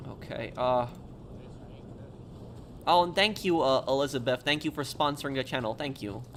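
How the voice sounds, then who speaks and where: A man streaming a game, chatting casually with viewers in a halting, hesitant way full of restarts. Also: medium pitch, a bit bright, slight background noise. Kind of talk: casual live-stream chat.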